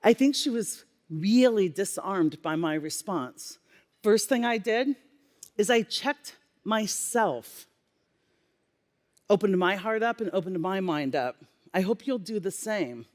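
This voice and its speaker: A woman giving a keynote on stage, telling a workplace story with lively acted-out dialogue. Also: medium pitch, slow pace. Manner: animated storyteller acting out dialogue. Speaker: keynote speaker, former healthcare leader. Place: conference stage. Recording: long reverb of a conference hall.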